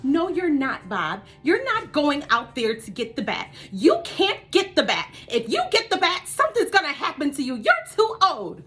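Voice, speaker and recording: A woman voicing her elderly devout mother, yelling and scolding about the devil. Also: high-pitched, huge pitch swings, normal speed, hardly any pauses, soft background music, pitched above the performer's own voice, heavily acted. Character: shrill devout elderly grandmother, scolding loudly.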